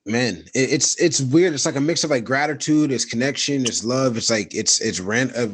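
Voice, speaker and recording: A man co-hosting a podcast in casual chat, speaking in a halting, reflective way with many fillers. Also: mid-range voice, husky, no echo. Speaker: podcast co-host.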